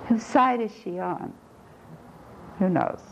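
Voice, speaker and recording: A woman leading a reflective group discussion, speaking slowly and thoughtfully, halting and repeating words as she gathers her points. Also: mid-range voice, gravelly. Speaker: discussion leader. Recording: muffled lo-fi tape with faint hiss.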